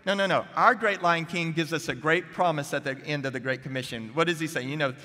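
Lively preacher man in an echoing chapel. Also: fairly high pitch, moderate pace. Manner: energetic, humorous, questions the crowd. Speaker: guest preacher. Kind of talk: chapel sermon. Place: seminary chapel. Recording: echoey chapel hall.

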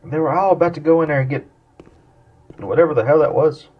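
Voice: medium pitch, fast talker, husky, recorded from a distance, dull audio. A gamer giving let's-play commentary on a horror game, pleading and laughing nervously at the scares.

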